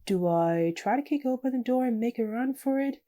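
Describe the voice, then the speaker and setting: A woman's voice: fairly high pitch, lively intonation, normal speed, mellow. A young woman reading a text-based game aloud and chatting through her choices as a YouTuber.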